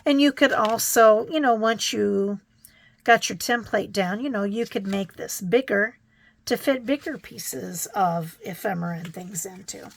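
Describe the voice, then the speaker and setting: A middle-aged woman chatting gently to her viewers in a crafting vlog, reflective and a little choked up, with many pauses and restarts. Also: mid-range voice, creaky. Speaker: crafting vlogger. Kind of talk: casual chat to viewers.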